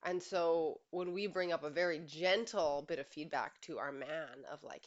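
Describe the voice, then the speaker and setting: A woman with a low voice coaching on relationships, speaking earnestly and emphatically to camera. She leans on rhetorical questions. The recording sounds a little dull and lo-fi. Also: normal speed, hardly any pauses. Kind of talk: direct-to-camera advice monologue.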